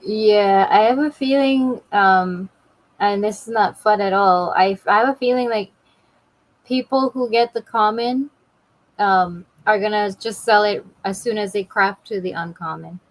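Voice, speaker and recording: A woman's voice: medium pitch, unhurried, rough recording. A woman co-hosting a casual livestream, chiming in easily and laughing along. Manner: easygoing, chimes in with laughs. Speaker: livestream co-host.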